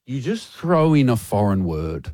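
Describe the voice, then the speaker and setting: A man's voice: mid-range voice, very animated, unhurried, mellow, no echo. Aussie radio guy bantering, voice bounces all over, dry close sound. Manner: chatty, teasing, mimics others' ordering voices. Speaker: radio co-host.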